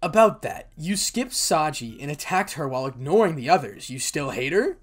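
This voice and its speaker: A man voicing an older male mentor, steady and caring, in an amateur fan-story reading, with an earnest, advising tone. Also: a little high, moderate pace, pitched above the performer's own voice. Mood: pointed.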